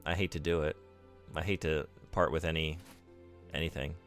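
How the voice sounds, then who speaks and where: A man's voice: rumbling low, level tone, normal speed, a bit bright, soft background music. A man streaming a game, chatting casually with his viewers and poking fun at himself. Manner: chatty, self-deprecating, reads and answers chat. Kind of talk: casual live-stream chat while gaming.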